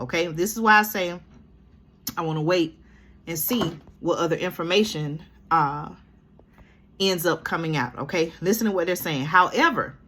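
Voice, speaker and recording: A woman's voice: on the low side, fairly bright tone, husky. A woman from Georgia, commenting on a news article she reads aloud, breaking in often with "okay?" and "y'all". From Georgia, USA. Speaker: commentary vlogger.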